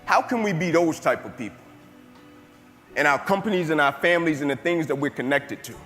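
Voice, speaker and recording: A man's voice: a little high, fast, a bit bright. A man giving a live motivational speech to an audience, emphatic and building his points through repeated phrases. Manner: emphatic, repetitive building cadences. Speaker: motivational speaker. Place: large hall before an audience. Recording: reverberant hall with music underneath.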